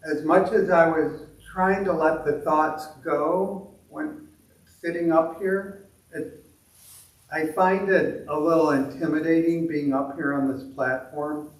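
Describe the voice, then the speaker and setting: A man leading a meditation group, talking in a halting, self-deprecating way with many restarts. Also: fairly high pitch, steady tone. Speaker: meditation leader. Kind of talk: reflective talk to a meditation group. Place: meditation temple hall. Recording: echoey room from a distant mic.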